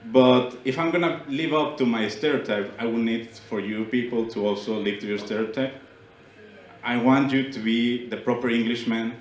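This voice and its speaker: A young man with a Mexican Spanish accent works a small comedy club, his voice landing at a middle pitch. He speaks English as a second language and teases the crowd in a playful tone. The handheld mic picks up a roomy, echoing club sound. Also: slight background noise. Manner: playful, teasing the audience. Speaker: stand-up comedian. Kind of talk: stand-up comedy set. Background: audience laughter.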